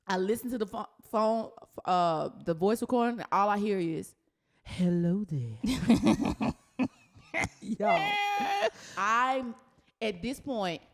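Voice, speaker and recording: A woman hosting a podcast in casual chat, telling a story with animated energy and frequent laughter. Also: lowish voice. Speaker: podcast host.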